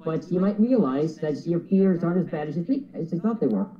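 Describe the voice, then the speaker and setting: A man's voice: fairly high pitch, expressive, a little fast, muffled recording. A man answering interview questions earnestly, with plenty of hesitations and restarts. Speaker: guest.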